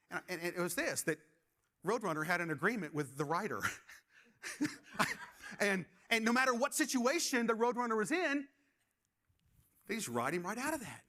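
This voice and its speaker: A high, bright male voice with a lilt carries this sermon. The middle-aged pastor tells animated stories and stumbles over repeated words in his excitement, then drops to quieter urging.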